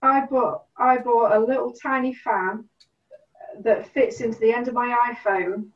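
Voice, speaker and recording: A middle-aged woman telling stories in a casual chat, animated, acting out what people said. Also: on the high side, moderate pace. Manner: animated storyteller, acts out quotes. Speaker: guest. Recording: distant, roomy, dull sound.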